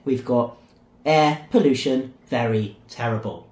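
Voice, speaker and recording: A man's voice: mid-range voice, measured pace, a little mellow. A man hosting a casual podcast, playful and teasing as he leads the banter among his guests. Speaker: podcast host. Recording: echoey room.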